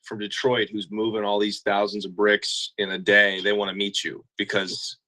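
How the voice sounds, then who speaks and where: Bright-voiced man hosting an interview. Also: lowish voice, completely flat delivery, normal speed, poor audio. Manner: prompting questions, short reactions. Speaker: interview host. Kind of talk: casual interview.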